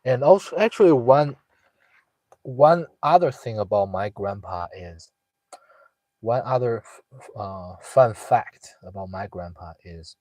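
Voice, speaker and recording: A young man, telling a family story in casual talk with many pauses, fillers and restarts. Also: lowish voice, animated, warm tone, no room sound, low-quality recording. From northeast China. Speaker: guest sharing a personal story.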